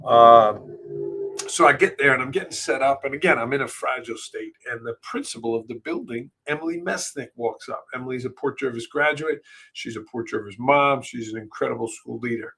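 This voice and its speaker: A man's voice: medium pitch, bright, forceful tone, husky. Middle-aged new guy hosting a podcast live, telling a sad story, lots of ums and restarts, voice kinda choked up. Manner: emotional, halting, many fillers and restarts. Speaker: podcast host.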